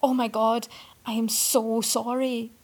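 A woman's voice: a little high, level tone, takes it slowly. A woman voicing a scruffy, flustered young male protester who stammers and turns peevish in a storybook reading. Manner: stammering, apologetic then peevish.

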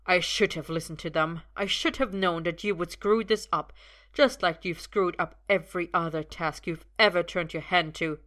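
A woman reading the part of a cold, contemptuous middle-aged father who holds a gun, speaking low and sneering. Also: moderate pace, fairly bright tone, lightly acted. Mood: cold contempt.

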